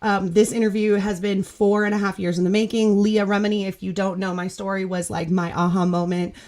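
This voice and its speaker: A woman hosting a casual video call podcast, telling a story with bubbly, gushing energy. Her voice sits at an ordinary middle pitch and she laughs easily as she talks. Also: little pitch movement, a little fast, a little mellow. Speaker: podcast host. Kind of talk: casual group chat storytelling.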